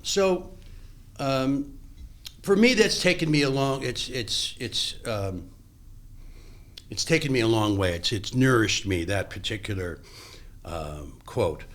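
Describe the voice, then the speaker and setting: An older actor, a guest on a podcast interview, telling stories from his past with animated delivery, acting out remembered dialogue and often restarting his sentences. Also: mid-range voice, slow, pauses often.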